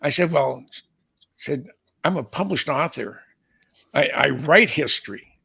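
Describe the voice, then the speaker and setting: Older guy, really gravelly and a bit husky, rambling chatty storyteller. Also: fairly high pitch, animated, a little slow, bright, forceful tone. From San Francisco Bay Area. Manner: rambling storyteller with many restarts. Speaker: co-host, aviation author. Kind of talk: casual chat.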